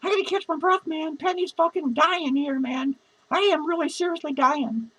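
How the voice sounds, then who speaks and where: Squeaky-voiced drunk clown, male, self-pitying and foul-mouthed, slurred comic rant. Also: moderate pace, bright, forceful tone, poor audio. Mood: drunk rambling. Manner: slurred, rambling, profane, giggling. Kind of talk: comedic character monologue.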